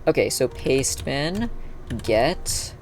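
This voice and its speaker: A live streamer chatting casually while playing, thinking aloud and breaking into excited cheers. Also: mid-range voice, very slow. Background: faint background music and keyboard typing.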